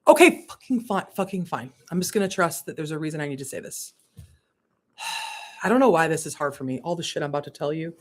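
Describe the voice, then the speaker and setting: A woman spiritual coach giving a candid livestream monologue, laughing and swearing, swinging between hushed asides and emphatic bursts. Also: deep voice, quick pace, pauses often, a little hiss or hum.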